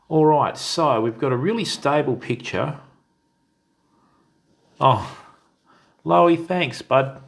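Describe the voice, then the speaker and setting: A man's voice: medium pitch, creaky. An Australian man hosting a casual live stream, chatting to viewers and calling them mate and bud. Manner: friendly, greets viewers by name, calls people mate and bud. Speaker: fishing stream host.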